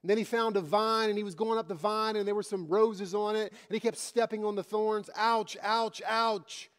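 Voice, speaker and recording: A man's voice: high voice, steady tone, brisk. A man preaching a sermon, repeating his phrases with emphasis and telling a story to make his point. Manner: emphatic, repetitive preaching cadence.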